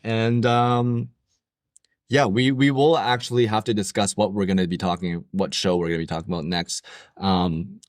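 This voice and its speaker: A man with a very low voice co-hosts a casual podcast, rambling along with plenty of ums and jokes. His voice sounds dry and close to the mic, with no room around it. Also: steady tone, moderate pace, no echo. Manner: rambling, filler-heavy, joking. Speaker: podcast co-host. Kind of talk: casual chat. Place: room with the other hosts and guest.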